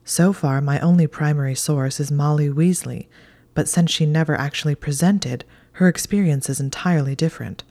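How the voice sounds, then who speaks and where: Anxious bookish young witch voiced by a woman, whispered role-play, breathy hush, dark mellow tone, storybook reading. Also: sits low, normal speed. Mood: earnest. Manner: soft, breathy half-whisper.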